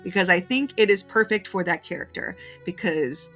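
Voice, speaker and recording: A woman's voice: fairly low pitch, normal speed, a bit bright, soft background music. A woman gushing through her favorite movies to camera in a casual review, openly emotional and getting choked up as she talks.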